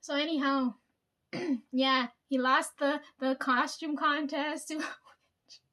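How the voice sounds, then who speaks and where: High-voiced woman telling stories. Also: steady tone, slow pace, sharp tone. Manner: profane, rambling, laughs often. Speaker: vlogger. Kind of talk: casual storytelling.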